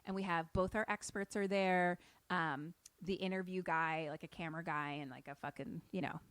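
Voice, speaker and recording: A woman's voice: on the low side, normal speed, no echo. Chatty woman retelling a film. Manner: animated, profane, acts out characters. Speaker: podcast co-host. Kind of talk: casual chat, retelling a film.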